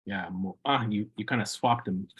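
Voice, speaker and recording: Husky-voiced man teaching a language class. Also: on the low side. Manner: patient, repeats words slowly for practice.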